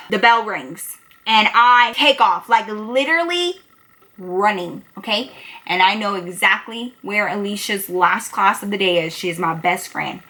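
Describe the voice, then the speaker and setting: A woman telling a personal story to her viewers in a casual, animated way, swearing and acting out both sides. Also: sits high. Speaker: storytime vlogger. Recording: echoey room.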